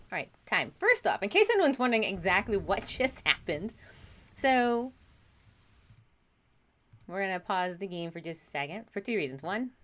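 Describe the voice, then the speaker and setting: A woman's voice: lowish voice, a bit bright. A woman casually commenting on a game she streams, chatty and self-deprecating with frequent laughs.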